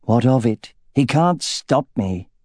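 A man voicing an eerie, unshaken young girl seer with a slow, flat delivery. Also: medium pitch, no echo, studio quality. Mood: dismissive.

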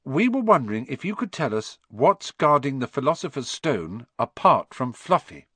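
A man's voice: medium pitch, very animated, moderate pace, a bit bright, husky, no room sound, pitched above the performer's own voice. A man voicing an anxious, curious young schoolboy who presses eagerly with questions, in an audiobook reading. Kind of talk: audiobook character voice.

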